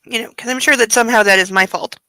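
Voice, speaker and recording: A woman's voice: a little high, fairly even intonation, fast talker, pushed and bright, dry recording, poor audio. A woman hosting a casual late-night livestream from home, cooing baby talk to her dog and swearing freely. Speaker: livestream host.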